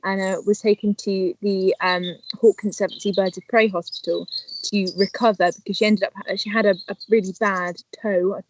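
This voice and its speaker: A woman's voice: mid-range voice, fairly even intonation, moderate pace, slight background noise, rough recording. A woman co-hosting a casual live stream, upbeat and teasing, reading out viewer messages. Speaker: co-host.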